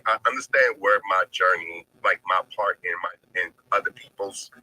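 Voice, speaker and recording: A man with a low, husky voice and a very sharp, bright edge. He speaks haltingly and earnestly on a faith live stream, full of fillers, and sounds close to tears. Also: dry recording, poor audio. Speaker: guest. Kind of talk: heartfelt faith conversation.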